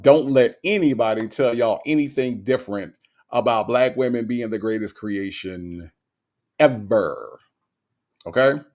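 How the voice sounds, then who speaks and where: A man from Florida, hosting a casual livestream, talking to his chat and reading their messages aloud with animated repeated restarts. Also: mid-range voice, measured pace. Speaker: livestream host.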